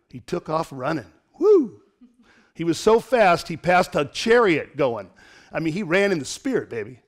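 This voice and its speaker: A middle-aged man preaches an online sermon with a lively, joking manner, and he laughs between lines. His voice sits fairly high for a man. He throws himself into dramatic storytelling. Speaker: pastor.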